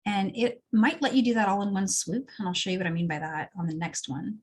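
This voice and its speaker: Briskly and in a mid-range, slightly rough voice, a woman leads a beadweaving class. She explains each step while working, keeping things relaxed and chatty.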